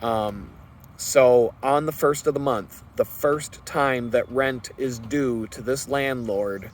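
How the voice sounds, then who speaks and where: A man's voice: medium pitch, slight background noise. Earnest rambling man telling a story. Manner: earnest, rambling, with many fillers and restarts. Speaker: vlogger. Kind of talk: personal storytelling monologue.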